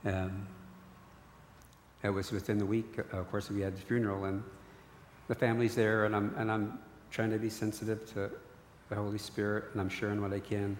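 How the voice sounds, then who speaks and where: A man's voice: fairly low pitch, level tone, normal speed, slight background noise. A middle-aged man, earnestly telling a personal faith testimony with frequent restarts. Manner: storytelling, repeated restarts, earnest. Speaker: guest sharing a testimony. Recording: echoey hall recording.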